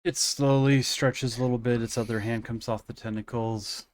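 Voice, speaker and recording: A man running a tabletop game as game master. He narrates in measured, descriptive phrases at a middle pitch. The sound is close and dry. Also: fairly even intonation, dry recording.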